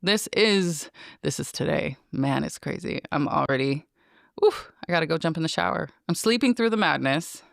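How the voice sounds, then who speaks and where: Rambling, playful middle-aged woman podcaster, gravelly. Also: sits low, animated, moderate pace, dry recording, studio quality. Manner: rambling, playful and self-mocking, with laughs and asides to listeners. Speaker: podcast host. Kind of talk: casual solo podcast monologue.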